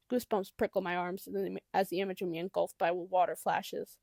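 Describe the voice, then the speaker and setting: A woman's voice: on the low side, flat delivery, brisk, creaky, few pauses, darkish tone, no room sound, studio quality. A woman narrating a first-person novel as an audiobook in an intimate, reflective way.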